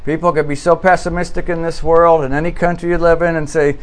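A man's voice: a little high, little pitch movement, fast. A male pastor preaching a sermon in an earnest, emphatic way, pressing hard on key words and often restarting his phrases.

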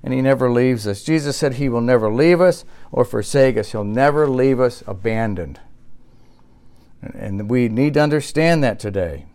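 A male pastor preaching a sermon, who repeats key phrases for emphasis and swings between loud, emphatic exclamations and quiet, reflective asides. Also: medium pitch, lively intonation, moderate pace.

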